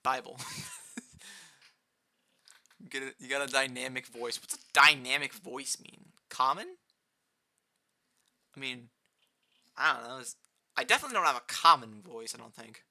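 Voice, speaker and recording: A young man chatting casually on a live gaming stream, rambling and answering chat, with a fairly high-pitched voice and keyboard clicks near his desk mic. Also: normal speed, pauses often. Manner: rambling, answers chat, rising excited outbursts.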